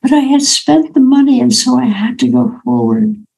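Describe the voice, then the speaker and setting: Older woman, gravelly voice, raised pitch, anecdotal storytelling, author speaking. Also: moderate pace, warm tone, poor audio. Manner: personal, anecdotal, acts out quoted dialogue. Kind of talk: storytelling talk.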